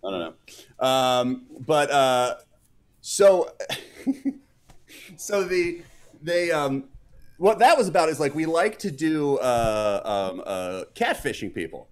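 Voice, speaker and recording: A man's voice: a little high, expressive, slow, long pauses. A man hosting a live stream in casual chat, reading out chat comments and rambling with many fillers and restarts.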